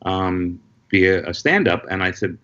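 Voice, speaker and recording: A man, a guest comedian, telling lively anecdotes in casual conversation over a video call. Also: low voice, lo-fi sound. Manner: lively anecdotal storyteller, quick asides. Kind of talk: casual storytelling chat.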